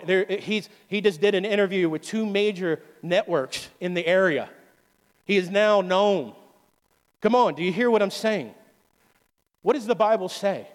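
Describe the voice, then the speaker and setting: A man preaching a sermon as pastor, calling out questions to the congregation and urging them on. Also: sits high. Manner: call-and-response preaching, asks the congregation questions. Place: church sanctuary. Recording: long hall reverb with faint music.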